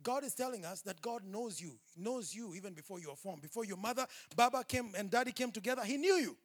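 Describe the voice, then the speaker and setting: A man preaching a sermon, impassioned and rising to shouts. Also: high-pitched, lively intonation, fast.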